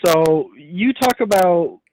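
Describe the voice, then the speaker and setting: A man's voice: high voice, animated, takes it slowly, darkish tone. A man in his twenties with a Canadian accent, calling into a live stream, taunting and confrontational. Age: 20s. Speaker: caller. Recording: noisy call with bad reception.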